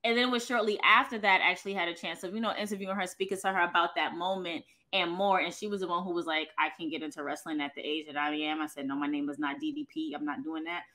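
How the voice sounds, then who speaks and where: Chatty woman co-host, bright tone. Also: on the low side, fairly even intonation, quick pace, few pauses. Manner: chatty, filler-heavy. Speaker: podcast co-host. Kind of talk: casual chat.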